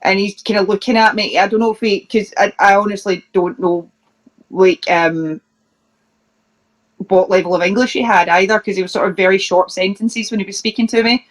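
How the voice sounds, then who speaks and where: A Scottish woman in the middle of an interview, telling funny road stories in a loose, chatty way. She laughs as she goes, trips over her words and restarts her sentences. Her voice sits at a medium pitch. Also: fairly even intonation, normal speed. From Scotland. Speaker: professional wrestler, interview guest. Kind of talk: casual anecdote telling.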